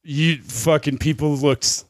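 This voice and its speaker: A man's voice: fairly high pitch, fairly even intonation, slow, dry recording, studio quality. A man co-hosting a podcast, telling a long rambling story in casual chat, swearing constantly and laughing along the way. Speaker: podcast co-host.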